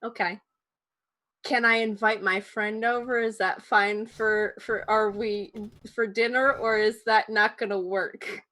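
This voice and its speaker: A woman's voice: mid-range voice, steady tone, measured pace, sharp tone. A woman playing in a tabletop game, speaking hesitantly with many fillers. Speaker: player.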